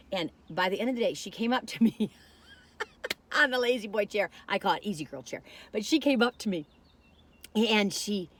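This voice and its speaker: A woman does a casual food-tasting vlog and chats on as she eats. Her storytelling rambles, and she often stops to ask herself what she was going to say. Her voice sits at an ordinary mid pitch, with a faint hum of room noise behind it. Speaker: food reviewer.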